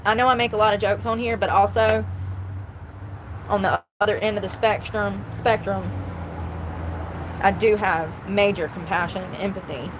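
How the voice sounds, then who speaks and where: A woman's voice: medium pitch, background noise. A woman chatting casually on a live stream outdoors, blunt and thinking aloud as she talks. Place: outdoors near traffic.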